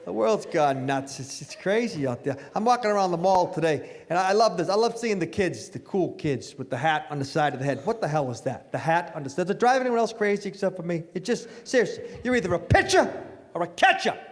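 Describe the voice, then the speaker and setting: A middle-aged man doing a stand-up comedy routine on a club stage, with a brash, punchy delivery and sudden loud bursts. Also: high-pitched, animated, fairly quick.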